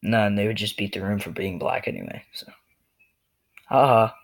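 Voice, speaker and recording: A man's voice: lowish voice, moderate pace. Guy ranting into his cam, jokey and all over the place, lotta ums. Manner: loose and jokey, lots of fillers. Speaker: vlogger. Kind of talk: rambling monologue rant.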